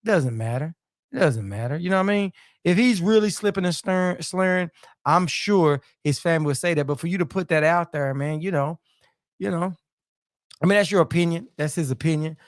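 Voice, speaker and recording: A man's voice: a little high, a little fast, no echo, clean studio sound. A man hosting a casual live-stream boxing chat, loose and repetitive, dropping "man" and "you know" into nearly every sentence. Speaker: boxing talk show host.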